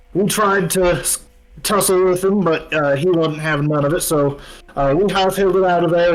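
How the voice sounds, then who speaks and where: A man voicing a gruff frontier cowboy who drawls in country slang. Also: on the high side, natural voice, low-quality recording. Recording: faint music behind.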